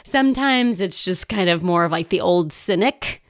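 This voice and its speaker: A woman's voice: on the low side, expressive, moderate pace, dry recording. Woman with dry playful podcast delivery. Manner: playful, laughs often, acts out whiny voices. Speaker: life coach podcast host. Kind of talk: solo podcast monologue.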